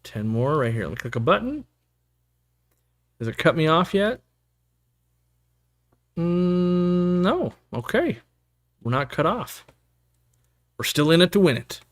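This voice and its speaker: A male host talks loosely to his live chat, rambling and joking as he reads viewers' messages aloud. His voice sits a little higher than most men's, and he speaks casually into a desk microphone. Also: big pitch swings, slow pace, long pauses. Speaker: host of aquarium live stream.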